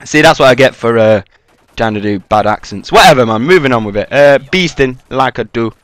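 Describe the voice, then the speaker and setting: A man's voice: mid-range voice, expressive, fairly quick, fairly bright tone, no room sound. Young guy ranting over his gameplay, curses a lot, lots of "like" and "you know", dry close mic. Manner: rambling, swearing, filler-heavy. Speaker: gaming commentator. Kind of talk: casual freestyle game commentary.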